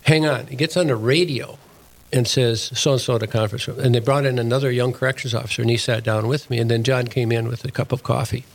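A man's voice: medium pitch, steady tone, fast, vocal fry, low-quality recording. An older man, a deacon and prison chaplain, telling a story in plain, earnest words as an interview guest.

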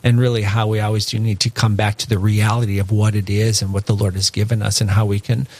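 A man's voice: fairly low pitch, little pitch movement, quick pace, a little mellow, no echo. A man, a Catholic priest, speaking earnestly and reflectively in a conversational faith discussion and telling a story with many asides. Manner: earnest, reflective, tells stories with many "you know" asides.

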